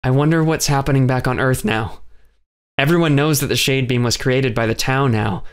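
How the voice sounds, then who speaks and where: A man reading an audiobook, voicing a calm, practical young woman who speaks firmly. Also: medium pitch, normal speed, clear, resonant tone, natural voice. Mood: firm, worried.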